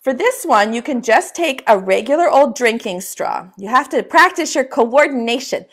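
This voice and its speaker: A woman teaching a preschool lesson, talking to young children in a slow, encouraging way and asking them to repeat words after her. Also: fairly high pitch, expressive, a bit bright.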